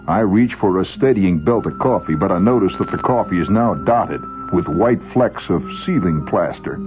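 A man's voice: low-pitched, lively intonation, moderate pace, narrow, tinny audio, over music. A man telling a first-person story in a wry, vivid way.

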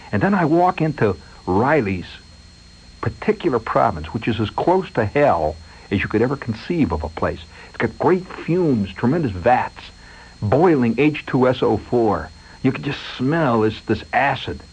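A man telling a long story on the radio in a rambling, vivid, animated way. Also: on the low side. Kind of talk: spoken storytelling monologue. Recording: dull radio recording, faint hiss.

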